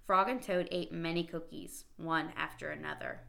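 A woman reading children's stories aloud in a slow, expressive, clearly paced way. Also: deep voice. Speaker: storybook reader. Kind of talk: children's story read-aloud.

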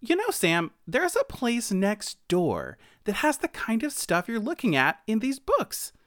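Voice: medium pitch, a little slow, no echo, clean studio sound, voice pushed up. A storyteller voicing an eager, adventurous young female mouse in a children's storybook. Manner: excited, bossy.

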